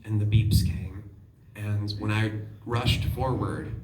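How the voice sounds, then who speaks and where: A man with a fairly low voice tells a lively, self-deprecating story on a convention panel and laughs along with it. He is heard from some way off the mic in a large echoing hall, with clear crowd noise behind him. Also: slow pace. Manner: animated, self-deprecating, laughs while telling stories. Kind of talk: casual storytelling to an audience. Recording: echoey hall, far from the mic, audience noise.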